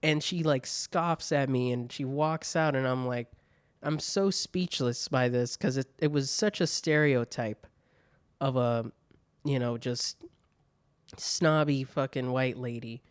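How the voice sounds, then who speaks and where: A man's voice: medium pitch, takes it slowly, clear, resonant tone, no echo. A young man hosting a solo podcast, telling stories in a casual, profane way. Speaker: podcast host.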